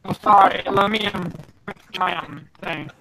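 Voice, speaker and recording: A man's voice: high-pitched, unhurried, bright, forceful tone, a little hiss or hum. A man with a lisp co-hosting a casual online chat, hesitant and full of "um", over a mic that sometimes sounds robotic. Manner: hesitant, lots of "um". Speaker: co-host.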